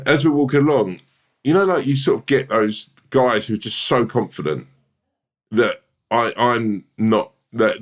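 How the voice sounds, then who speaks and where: Man telling a rambling story. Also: lowish voice. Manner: rambling, self-deprecating, laughs through his story. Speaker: podcast co-host. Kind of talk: casual storytelling chat.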